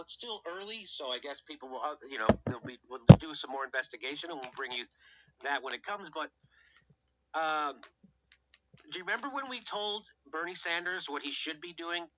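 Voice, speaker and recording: A man's voice: a little high, bright, forceful tone, a little hiss or hum. A man hosting a political show, ranting heatedly and sarcastically, swearing often and firing off rhetorical questions. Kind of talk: profane political commentary rant. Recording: dull lo-fi recording.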